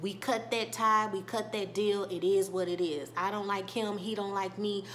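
A woman voicing a calm, matter-of-fact male street boss. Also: mid-range voice, moderate pace, lightly acted. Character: cool-headed man, a street business boss.

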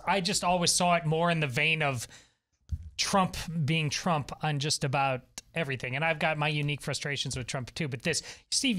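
A man co-hosting a political talk panel, animated and exasperated, with comic asides. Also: fairly high pitch. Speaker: panel co-host. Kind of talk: panel discussion.

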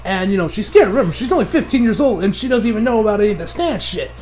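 A man giving a casual, animated episode recap, often laughing and acting out the characters' lines. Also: high voice, racing, faint music behind. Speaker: anime reviewer.

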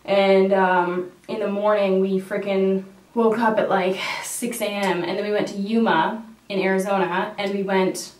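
A woman's voice: mid-range voice, little pitch movement, unhurried, darkish tone, far from the mic. Young woman vlogger, casual makeup chat, loose swearing storyteller, roomy echo, mic set back. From Canada. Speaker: beauty vlogger. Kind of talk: casual chatty storytelling while doing makeup.

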